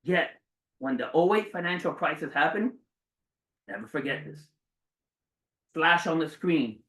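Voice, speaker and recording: A man in his forties giving a motivational speech to a live audience, dramatic and swearing, jumping between loud bursts and hushed low lines. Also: animated, measured pace, recorded from a distance. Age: 40s. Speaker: motivational speaker. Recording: roomy sound from away from the mic.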